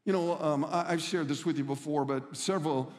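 A man's voice: fairly high pitch, brisk, a little mellow, big-room sound. A middle-aged man preaching a sermon as a pastor, telling stories in an earnest, emphatic way.

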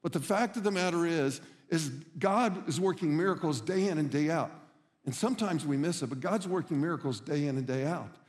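Middle-aged male pastor, earnest storyteller, slightly high voice, long hall reverb. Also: brisk. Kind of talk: sermon.

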